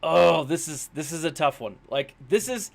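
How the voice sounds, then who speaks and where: A man live-streaming a mobile game, chatting loosely to his viewers. He rambles and often makes fun of himself, with plenty of ums and uhs. His voice sits a little higher than most men's. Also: expressive, normal speed, creaky. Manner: chatty, rambling, with many fillers; self-deprecating. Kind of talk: casual live-stream commentary.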